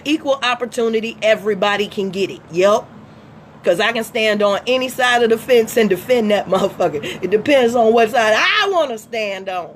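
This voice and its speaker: A woman's voice: mid-range voice, slight background noise. A woman vlogging in a casual monologue, blunt and profane, laughing often between lines.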